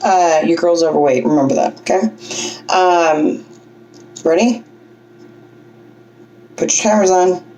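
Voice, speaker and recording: Brief: woman, low voice, informal singing tutorial, conversational and encouraging check-ins. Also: unhurried, pauses often, dark tone, poor audio. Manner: chatty, checks in with 'okay?' and 'right?'. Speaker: amateur singing teacher. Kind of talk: casual spoken lesson.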